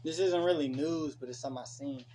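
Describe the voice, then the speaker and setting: A young man hosting a casual late-night podcast, ranting profanely with animated opinions. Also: on the high side, fast. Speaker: podcast host.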